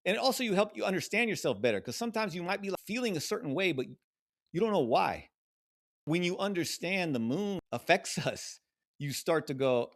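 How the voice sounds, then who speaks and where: Lively-voiced man giving a spiritual talk. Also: on the high side, a little fast. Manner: rambling, laughs between points, repeats phrases. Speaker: spiritual teacher.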